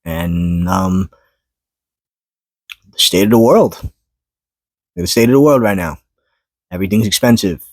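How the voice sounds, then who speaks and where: Man, personal vlog monologue: low, husky, close and dry; weary, halting, flares up in frustration. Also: dry recording. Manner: weary, halting, pauses to collect thoughts; swears and rises in pitch when frustrated. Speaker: vlogger. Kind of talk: unscripted personal monologue to camera. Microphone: camera mic.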